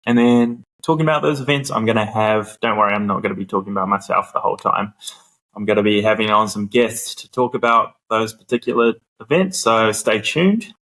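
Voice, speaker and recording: A man with a New Zealand accent hosting a casual podcast from a classroom, chatty and self-deprecating, on a low-quality mic. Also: fairly quick, a bit bright. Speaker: podcast host. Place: classroom at a cricket ground.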